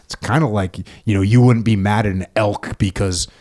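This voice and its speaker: A man's voice: lowish voice, steady tone, normal speed, a little mellow. A middle-aged man hosting a podcast, talking in a reflective, casual way with frequent laughs. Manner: reflective, laughs often, restarts. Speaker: podcast host, former military. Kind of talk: casual conversation.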